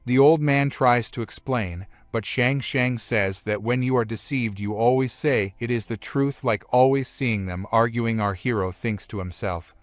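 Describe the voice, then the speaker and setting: A man's voice: mid-range voice, moderate pace, no room sound. Man narrating a story recap. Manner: plain, steady retelling with simple phrasing.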